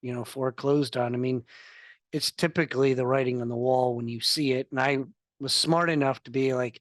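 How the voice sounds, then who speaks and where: A man's voice: medium pitch, fairly even intonation, fairly quick, no room sound, clean studio sound. Earnest man telling his story. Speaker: podcast guest. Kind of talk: candid interview talk. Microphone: video call.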